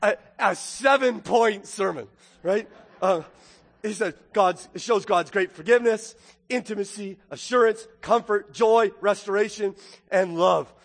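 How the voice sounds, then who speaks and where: A man preaching a sermon, swinging from booming exclamations to hushed, intimate asides. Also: measured pace, in a large hall. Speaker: pastor.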